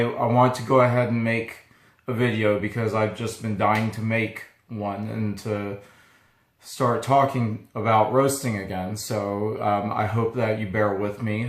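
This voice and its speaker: A man who owns a small coffee roasting business, talking casually to camera in a halting, easygoing way, his voice not yet fully recovered. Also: fairly low pitch. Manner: halting and easygoing, pausing often. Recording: echoey room.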